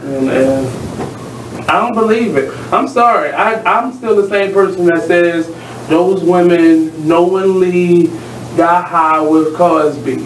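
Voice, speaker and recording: A man's voice: sits high, slow, distant mic. A man co-hosting a radio show, arguing in blunt, skeptical casual banter in a radio studio. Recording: roomy, off-mic, noisy studio audio.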